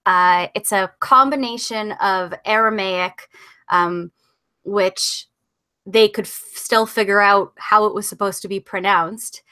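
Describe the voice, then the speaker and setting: A woman's voice: medium pitch, pushed and bright. A woman guest in a casual conversation, explaining things at length with enthusiasm.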